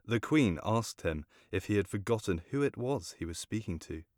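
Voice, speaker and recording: A man reading a classic story aloud in a measured, formal narration. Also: lowish voice, lively intonation, darkish tone, no room sound, clean studio sound.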